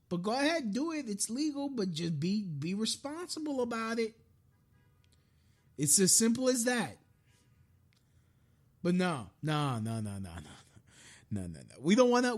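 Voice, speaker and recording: A man hosting a live-streamed podcast, delivering a frustrated, profane political rant with frequent restarts. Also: very high-pitched. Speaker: podcast host.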